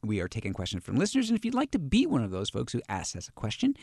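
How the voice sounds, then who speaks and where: A man co-hosting a casual wine radio show, animated and quick to laugh at himself. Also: mid-range voice, breathy edge, dry recording. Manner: animated, laughing, self-deprecating.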